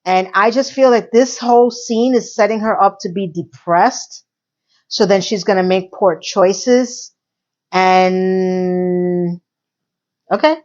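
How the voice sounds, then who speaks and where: A woman casually recapping and reviewing a TV episode, animated and sarcastic, swinging between loud and soft. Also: mid-range voice, slow pace, pauses often, lo-fi sound. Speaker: TV review vlogger.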